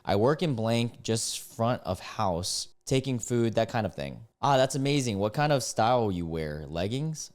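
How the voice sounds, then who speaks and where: Animated man reacting in disbelief. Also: mid-range voice, moderate pace, hardly any pauses. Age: 20s. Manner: incredulous, mocking, bursts into loud disbelief. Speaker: content creator reacting to screenshots. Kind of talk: casual reaction commentary, reading chats aloud.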